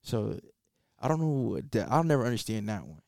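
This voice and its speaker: A young man with a South Florida accent, chatting easily and getting animated when he makes a point in a casual podcast conversation. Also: fairly low pitch, brisk, gravelly, no echo, studio quality. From South Florida, USA. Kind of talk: casual chat.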